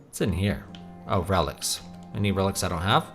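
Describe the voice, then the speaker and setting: A man's voice: low voice, moderate pace, faint music behind. A man giving casual, joking commentary while playing a video game at his computer desk, laughing often. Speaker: let's-play host. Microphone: desk microphone at a computer.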